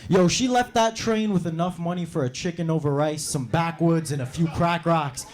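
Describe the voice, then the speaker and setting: A young man from New York doing a brash stand-up comedy set on a club stage, acting out characters in quick voices. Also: a little high. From New York City. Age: young adult.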